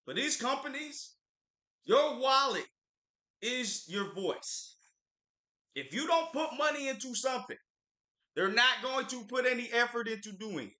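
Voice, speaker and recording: A man co-hosting a casual livestream, talking about pop culture in an animated, opinionated way and repeating words for emphasis. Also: very high-pitched, measured pace, long pauses, reverberant. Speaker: livestream co-host.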